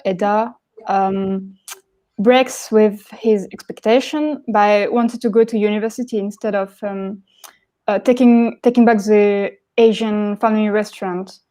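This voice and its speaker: A French woman in her twenties, a graphic novelist answering as a panelist in earnest with small pauses. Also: on the high side, mellow. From France. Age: 20s. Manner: earnest, pausing with fillers.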